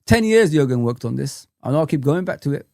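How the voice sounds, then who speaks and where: A man's voice: on the high side, animated, quick pace, gravelly, darkish tone, dry recording. Ranting man, dry close sound. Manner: ranting, exasperated, repeats phrases. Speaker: fan channel host. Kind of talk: live chat commentary.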